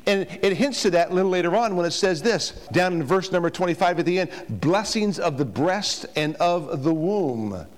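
A man's voice: high-pitched, lively intonation, moderate pace, few pauses. A man preaching a sermon to a congregation, emphatic, with rhetorical questions to the room. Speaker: pastor. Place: church before a congregation.

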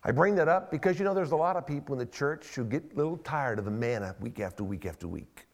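A man preaching a sermon as pastor, reading scripture slowly and emphatically and acting out the voices of church members. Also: mid-range voice, lively intonation.

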